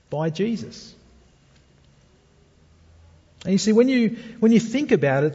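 Man, pastor, sermon, mellow husky voice, long reverb, dull lo-fi sound. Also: high voice. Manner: earnest, addresses congregation with rhetorical questions.

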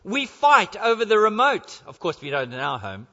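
A man's voice: sits high, wildly swooping pitch, normal speed, sharp tone. A male pastor preaching an earnest sermon in a church, driving his points home with repeated rhetorical questions. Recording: dull lo-fi sound with long church reverb.

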